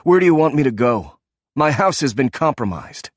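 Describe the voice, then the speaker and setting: A man voicing a tough, sharp-tongued female ex-spy with a clipped, biting delivery. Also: medium pitch, big pitch swings, normal speed, no room sound, studio quality, voice pushed up. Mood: defiant.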